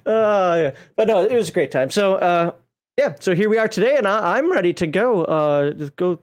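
Male host with a high voice and a dry, close sound; rambling, jokey stream banter. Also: expressive, moderate pace, dry recording. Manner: rambling and joking, chuckling often. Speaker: podcast host. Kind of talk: casual live-stream chat.

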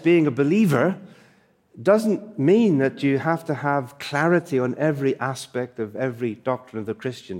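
A man's voice: mid-range voice, darkish tone. A male preacher giving a sermon, emphatic and fond of rhetorical questions and asides.

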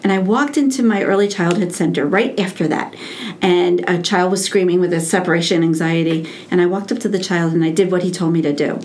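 A woman's voice: fairly low pitch, fast talker. Middle-aged woman, early childhood educator, chatty storyteller, acts out voices in quotes. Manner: acts out quoted dialogue with lively repetition. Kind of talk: animated conversational storytelling.

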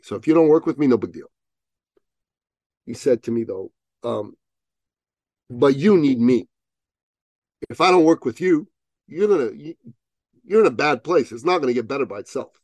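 A man telling a story as a podcast guest, acting out both sides of the dialogue with rising, loud peaks. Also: mid-range voice, no echo. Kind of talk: animated storytelling in an interview.

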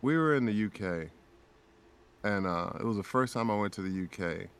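A man's voice: lowish voice, moderate pace, clean tone. A man guest on a podcast, telling an emotional story in a casual chat, acting out the quotes as he goes. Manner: emotional, animated retelling with acted quotes.

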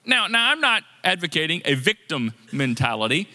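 A male pastor gives a conversational sermon with a high, very bright voice. He repeats words for emphasis as he talks the congregation through the point. The voice rings out with a long reverb in a church sanctuary. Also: big pitch swings, normal speed. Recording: long reverb of a large hall.

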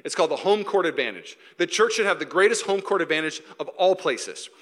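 A male pastor from Seattle delivers an animated sermon, his voice high and bright. The sound carries a long reverb from the church hall he speaks in. He breaks into acted-out fan chants along the way. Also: a little fast. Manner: animated, acts out shouting fans.

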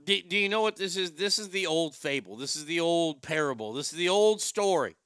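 A man's voice: a little high, expressive, fairly quick, a bit bright, smooth, no echo. A man hosting a radio talk show, telling crude comic stories with acted voices in a brash, riffing way from a studio mic.

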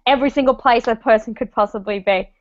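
Aussie woman chatting on a podcast, high voice, dry dull lo-fi sound, laughs a lot. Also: quick pace, no room sound. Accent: Australian. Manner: chatty, laughing, acts out quotes in mock voices. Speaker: podcast co-host. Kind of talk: casual chat.

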